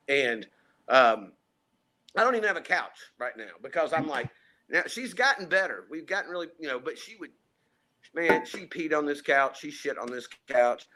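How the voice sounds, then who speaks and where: Male co-host, fairly high bright voice, animated casual storyteller who acts out quotes. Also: normal speed. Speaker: podcast co-host. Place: home, remote call.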